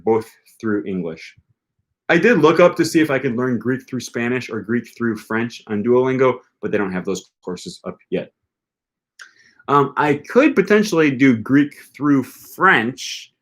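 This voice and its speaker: A man hosting a language-learning livestream, answering viewer questions in a casual, rambling way with lots of hesitant filler words. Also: medium pitch. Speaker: language-learning channel host.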